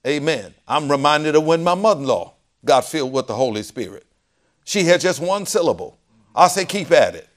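A man preaching with a lively, swinging voice that sits a little high. He echoes each line read to him. Then he breaks into folksy, joking asides that build in emphasis. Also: brisk. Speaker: pastor. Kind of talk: sermon teaching, repeating a reader's lines.

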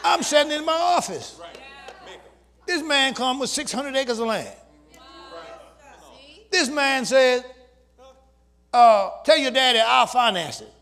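A man preaching a sermon to his congregation, using call-and-response and shouting at the peaks. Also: extremely high pitch, lively intonation, takes it slowly, pauses often. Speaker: pastor. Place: church sanctuary with congregation.

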